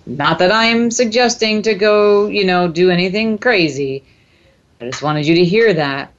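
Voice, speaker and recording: A woman's voice: deep voice, highs cut off. Woman host chanting emphatic repeated phrases. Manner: addresses listener tenderly as "my dear". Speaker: radio talk show host. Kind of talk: call-in radio self-help coaching.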